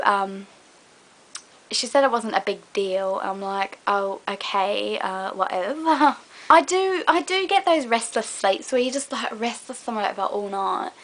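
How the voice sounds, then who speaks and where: A young woman talks casually to a fellow vlogger in a put-on British accent. Her voice is bright and clear, sitting in a middle pitch for a woman. She rambles along with plenty of fillers. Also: expressive, a little slow. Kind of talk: casual chat to a collab partner.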